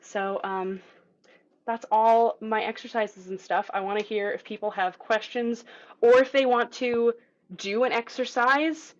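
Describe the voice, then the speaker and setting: A woman's voice: fairly high pitch, steady tone, measured pace. A woman teaching a group voice lesson over a video call, in a casual, encouraging way, with filler words. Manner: casual, encouraging, demonstrates vocal sounds. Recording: dull lo-fi video call audio.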